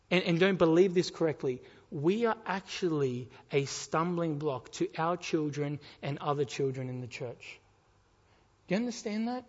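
A man preaching a sermon in a church, emphatic, repeating key phrases and asking his listeners questions. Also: high voice. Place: church hall. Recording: dull sound with long hall reverb.

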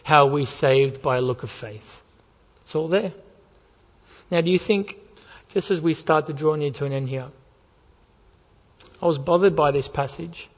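A man preaching from the pulpit, his slightly high voice swelling into urgent, almost shouted appeals. Long reverb from the sanctuary trails each phrase. The sound is a little muffled and dull. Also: normal speed, long pauses. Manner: impassioned preaching, building to urgent near-shouts. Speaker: pastor. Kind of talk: sermon. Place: church sanctuary.

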